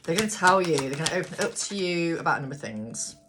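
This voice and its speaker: A woman gives a casual live tarot reading at home in a chatty, blunt and sweary manner. Her voice sits low but swings widely in pitch. A steady noise hiss runs under the recording. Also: fast talker. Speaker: tarot reader. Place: home room with a ring light.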